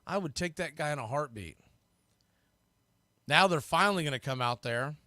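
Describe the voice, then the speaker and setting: A man hosting fan play-by-play, rambling through opinionated asides between pitches on a close mic. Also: lively intonation, moderate pace, pushed and bright, no echo. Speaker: host and play-by-play announcer.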